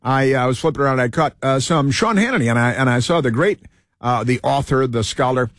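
A man's voice: medium pitch, expressive, fairly quick, a bit bright, dry recording, clean studio sound. A man hosting a talk show, rambling through an opinion monologue with many fillers and restarts. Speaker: radio talk show host.

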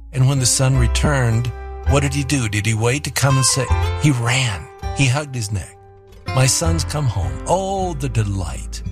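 A male host reflecting in a preaching manner and quoting scripture. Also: mid-range voice. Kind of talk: devotional radio talk. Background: music.

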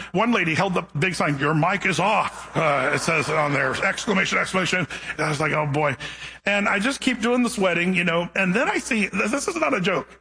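A middle-aged man preaching with an animated, humorous storytelling manner. His voice sits a bit high and sounds bright and forceful, with a husky edge. He moves from a comic story into a scripture reading. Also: low-quality recording. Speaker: pastor. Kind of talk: sermon with storytelling.

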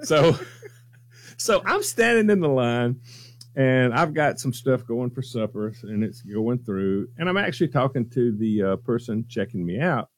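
A man co-hosting a radio show, telling a story in a lively way and laughing often. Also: medium pitch, no echo. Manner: animated, laughs often through his story. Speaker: radio co-host. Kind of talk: morning radio banter, storytelling.

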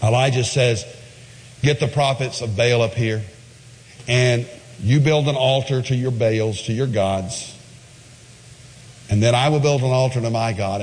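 A man preaching a sermon, retelling a Bible story with lively acted-out quotes and shifting emphasis. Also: mid-range voice, big-room sound. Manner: animated preaching, acts out voices in Bible quotes. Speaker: pastor.

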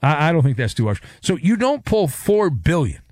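A man's voice: on the high side, sing-song, normal speed, a little mellow, dry recording, clean studio sound. Wisecracking male sports radio host. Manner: wisecracking, sarcastic. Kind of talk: sports talk monologue.

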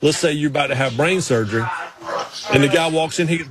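A man's voice: on the high side, fast, a crowd in the background. A man with a Southern American accent from North Carolina, co-hosting a sports radio show in casual, repetitive banter. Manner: chatty, repeats himself, laughs easily.

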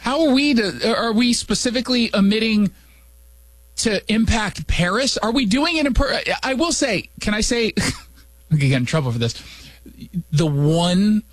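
Un conduttore che chiacchiera in studio con tono sarcastico e scherzoso, pieno di battute e commenti rapidi. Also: male voice, high voice, expressive, no room sound. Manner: sarcastic, joking, rapid asides. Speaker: radio and podcast host. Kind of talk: casual opinion chat.

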